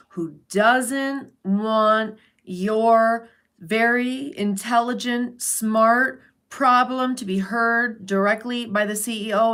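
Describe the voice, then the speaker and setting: A woman's voice: a little high, fairly bright tone. A woman hosting a casual livestream, who chats bluntly with viewers, swears freely and reads out their names. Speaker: livestream host. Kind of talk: casual chat with live viewers.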